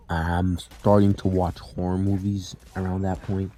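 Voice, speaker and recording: A man's voice: deep voice, level tone, unhurried, few pauses, mellow, soft background music. A young man telling a personal story in a loose, casual way, swearing freely and filling gaps with "like" and "you know.". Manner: loose and profane, with many fillers.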